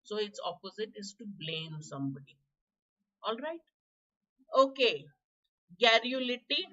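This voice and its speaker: A hoarse woman with an Indian English accent teaching a live online vocabulary class, chatty, quizzing students by name and clearing her throat. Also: medium pitch, big pitch swings, unhurried, fairly bright tone, highs cut off. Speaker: exam prep teacher.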